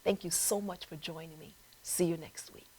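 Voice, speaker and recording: A middle-aged woman hosting a talk show, telling a personal story with animated delivery and acted-out voices. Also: fairly low pitch, moderate pace, husky, rough recording. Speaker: host. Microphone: live stream.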